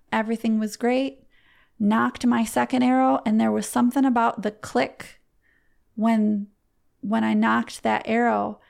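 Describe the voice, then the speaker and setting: A middle-aged woman, a guest on a podcast, telling a personal story in a heartfelt, halting way with frequent restarts. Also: fairly high pitch, gravelly. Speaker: podcast guest, competitive archer.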